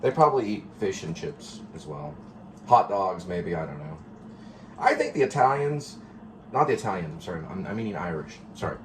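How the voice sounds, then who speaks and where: A man's voice: sits low, big pitch swings, normal speed, noisy background. A man hosting a casual home vlog, rambling and reflective, often circling back to correct himself. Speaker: vlog host.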